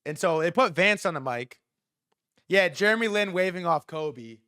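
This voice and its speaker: A young adult man with a high voice hosts a livestream at a moderate pace, with no echo on the audio. His casual commentary rant is animated and profane, and he acts out what others said.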